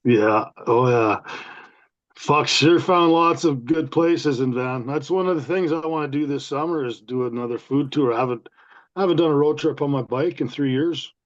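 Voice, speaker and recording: A Canadian man hosts a casual podcast chat, telling profane stories from his biker days on the road. His voice is mid-range and his pace moderate. The recording has a dull, lo-fi sound.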